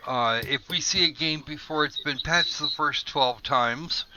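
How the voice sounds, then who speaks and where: A man hosting a casual panel chat, talking loosely with halting fillers. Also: on the high side. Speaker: podcast host. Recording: dull lo-fi mic with faint hiss.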